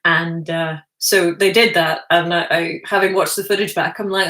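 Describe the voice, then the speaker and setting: A woman hosting a casual livestream, reading viewer messages aloud and answering them with self-deprecating humor. Her voice sits slightly low for a woman. It bounces around a roomy space. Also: level tone, measured pace, hardly any pauses, fairly bright tone. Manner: chatty and self-deprecating, reads chat messages aloud, laughs often. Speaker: livestream host answering chat. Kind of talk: casual chat. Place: indoor room, sitting on the floor. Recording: roomy echo.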